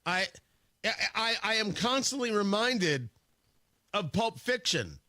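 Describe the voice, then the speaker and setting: A man's voice: high voice, very animated, slow pace, pushed and bright, dry recording. A male radio host in a studio, talking in a casual, wry, rambling way with many stammered restarts. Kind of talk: casual morning radio talk.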